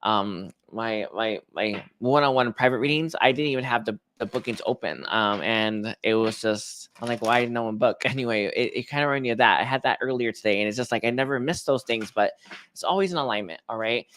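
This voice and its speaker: A man giving a casual tarot reading, rambling and hesitant, with many restarts and soft laughs. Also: medium pitch, brisk, slight background noise. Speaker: tarot reader.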